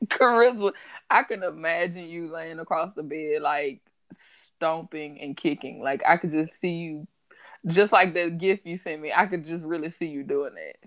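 A woman co-hosting a podcast, telling a story in casual chat with a gossipy, animated manner. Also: low-pitched, a little slow, no room sound, dull audio. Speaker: podcast co-host.

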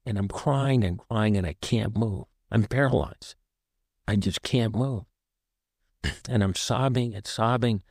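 A man's voice: on the low side, measured pace, darkish tone, slightly rough, dry recording, studio quality. Man from the Southwest telling a raw story. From American Southwest. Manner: vivid, short present-tense narration, emotionally raw. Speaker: author and guest. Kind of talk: personal storytelling in an interview.

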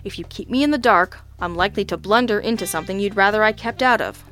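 Narrator voicing a polite, steely male detective, measured and firm. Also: medium pitch, faint music behind, close to an everyday voice. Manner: calm, courteous, firm. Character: brisk, polite adult male private detective.

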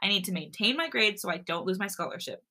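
A woman's voice: medium pitch, lively intonation, fast, bright, forceful tone. A woman voicing a studious young female college student who is shy but playfully stands her ground.

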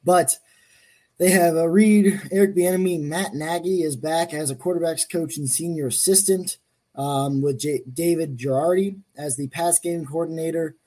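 A man's voice: on the high side, steady tone, moderate pace, dark tone. A man co-hosting a casual sports talk show, laid-back and full of fillers. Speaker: co-host.

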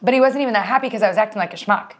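A woman in her thirties co-hosting a podcast, chatting casually and teasing her friend, quick to laugh. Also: mid-range voice. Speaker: podcast co-host. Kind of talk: casual chat.

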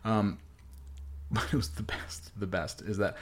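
A man's voice: fairly low pitch, steady tone, measured pace, slight background noise. A man hosting a casual podcast who tells long, profane, self-mocking stories about doing comedy. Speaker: podcast host and amateur comedian.

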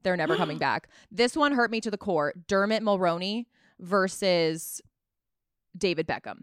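Smooth-voiced New York woman. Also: lowish voice, animated, moderate pace, no room sound, studio quality. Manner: upbeat, reads out poll results. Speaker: podcast co-host. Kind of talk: casual chat.

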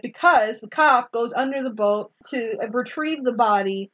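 A woman in casual chat recapping a movie, animated, laughing often and acting out characters' lines. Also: fairly high pitch, measured pace, slight background noise, low-quality recording. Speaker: podcast co-host recapping a film.

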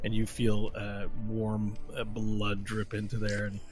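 A man's voice: lowish voice, completely flat delivery, measured pace, music in the background. A man running a tabletop game as game master, narrating the action vividly and throwing in playful sound effects.

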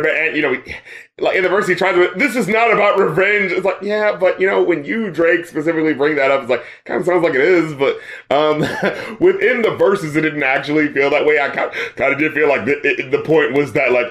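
A man's voice: on the high side, brisk, a bit bright. A man co-hosting a casual podcast chat, loose and profane, laughing often and acting out reactions. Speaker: podcast co-host reviewing albums.

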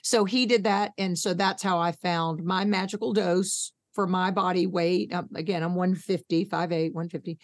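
A woman, a podcast guest telling her story in a blunt, folksy, animated way and acting out the voices in it. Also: fairly low pitch, normal speed, few pauses, no echo. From Arkansas, USA. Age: 50s. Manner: animated, acts out both sides of conversations. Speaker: podcast guest, patient advocate. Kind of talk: candid storytelling interview.

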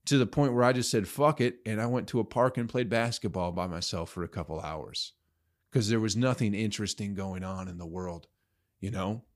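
A young man hosting a solo podcast, ranting crudely and sarcastically with profanity and sudden loud outbursts. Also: on the low side. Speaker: podcast host.

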